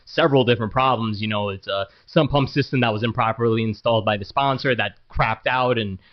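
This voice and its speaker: A man's voice: mid-range voice, a little fast. Frank, rambling man, slightly muffled audio. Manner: frank, rambling, many fillers and restarts. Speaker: property manager. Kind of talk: casual business talk to camera.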